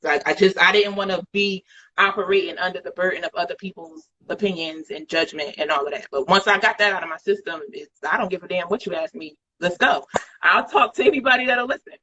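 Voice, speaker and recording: A woman's voice: lowish voice, fast talker, bright, forceful tone, muffled recording, a little hiss or hum. A woman speaking frankly as a guest in an online interview over a video call. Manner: frank and blunt. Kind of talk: candid conversation.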